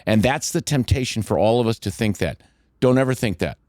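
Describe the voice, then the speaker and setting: A man's voice: on the low side, animated, a little fast, darkish tone, no room sound. Older guy on a podcast, blunt and emphatic, cusses a lot, dry close sound. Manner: emphatic, blunt, swears freely. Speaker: podcast co-host and mentor. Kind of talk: casual motivational talk.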